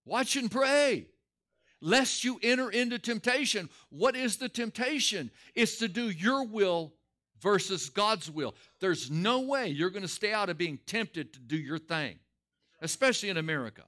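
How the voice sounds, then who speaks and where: A male pastor preaches a Sunday school sermon, telling stories with emphatic, driving delivery. His voice is bright and forward, pitched a little above the usual for a man.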